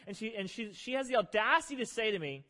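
A man preaching a sermon, telling a funny story about himself in an animated, self-deprecating way to his church congregation. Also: sits high, fast talker. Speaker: pastor. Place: church sanctuary. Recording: long reverb of a large hall.

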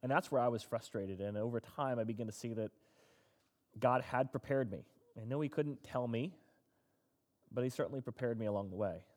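A man's voice: mid-range voice, a little fast, a little mellow. A man preaching a conversational sermon who acts out quoted complaints in a raised voice. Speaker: pastor. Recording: long hall reverb.

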